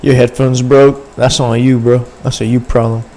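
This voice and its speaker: A man's voice: medium pitch, flat delivery, moderate pace, dark tone. Rambling slangy male streamer. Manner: rambling, slangy, talks to chat. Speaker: livestreamer. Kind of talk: casual stream chat.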